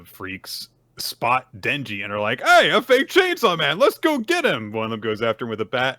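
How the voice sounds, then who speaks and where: A man with a medium-pitched voice co-hosts a casual podcast, recapping manga chapters. He's animated and acts out character quotes, with no room sound in the recording.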